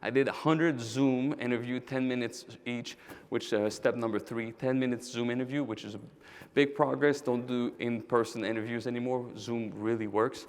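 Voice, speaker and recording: Male keynote speaker, mid-pitched, energetic, tells stories and asks the crowd questions. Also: normal speed, clean tone. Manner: energetic, directly addresses the audience; storytelling with quoted dialogue. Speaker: keynote speaker, roofing company owner. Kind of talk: conference keynote talk.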